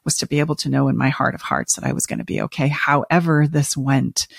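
A woman with a gravelly, fry-tinged voice co-hosts a relationship podcast and speaks earnestly to the listener. Her encouraging, coaching tone comes through close and dry, with no room sound. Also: very deep voice, fast, dry recording. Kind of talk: casual podcast coaching talk.

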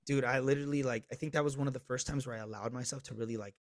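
A man in his thirties, a podcast guest telling a candid personal story with swearing, swinging between loud and hushed. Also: mid-range voice, fairly even intonation, racing, no echo.

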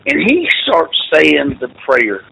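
A man's voice: a little high, slow, gravelly, a little hiss or hum, rough recording. A middle-aged man, a football coach telling folksy stories over the phone in an interview. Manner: animated, folksy storyteller with laughs. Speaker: high school football coach.

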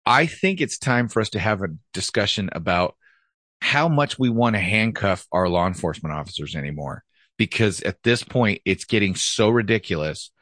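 Blunt, profane man with a low voice. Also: expressive, normal speed, a bit bright, no room sound. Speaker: podcast host, former police officer. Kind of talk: casual podcast chat.

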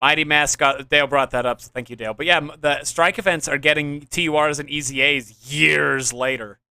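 A man's voice: on the high side, steady tone, a little fast, pushed and bright, clear, resonant tone, dry recording. A young man hosting a casual gaming podcast, rambling and restarting as he explains his ideas with enthusiasm. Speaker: podcast host.

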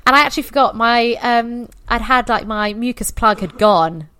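Candid chatty woman, smooth dry voice. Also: a little high, normal speed, no room sound. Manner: chatty, candid and expressive, quoting herself. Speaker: podcast guest. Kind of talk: casual birth story telling.

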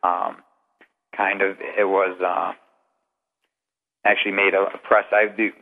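A man with a somewhat low voice calls into a show as a guest investigator. He tells long, rambling anecdotes in an easy, conversational way. The sound is narrow and phone-like, with a long reverb trailing behind it. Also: level tone, unhurried. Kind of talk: casual storytelling interview.

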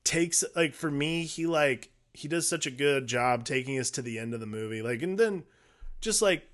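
A man co-hosting a casual movie podcast, talking in a relaxed, rambling way with plenty of fillers. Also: mid-range voice, moderate pace. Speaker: podcast co-host.

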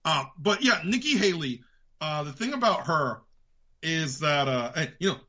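A man with a New York accent rants about politics as a podcast host, profane and heated. His voice sits fairly high and sounds tense and sharp. The recording is dull and lo-fi. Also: animated, normal speed. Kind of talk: ranting political commentary.

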